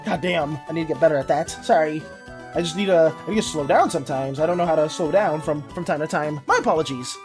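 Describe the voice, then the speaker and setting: A woman streamer chatting casually with her viewers. She often trips over her words and is quick to apologize. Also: deep voice, music in the background. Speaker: art streamer.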